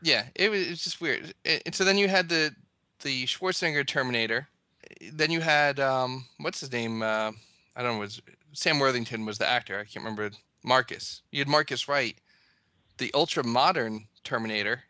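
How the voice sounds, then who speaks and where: A man's voice: medium pitch, normal speed, bright, forceful tone, no echo, clean studio sound. A man co-hosting a casual podcast, talking in a rambling, hesitant way. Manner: rambling, hesitant, many restarts and fillers.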